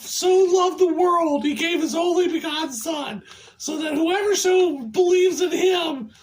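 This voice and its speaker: A crude, giggly puppet Jesus in a crown of thorns talks in a high, unhurried voice, with a performer putting on the voice for a silly sketch. He is irreverent and breaks into giggles often. Faint noise sits behind him. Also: low-quality recording.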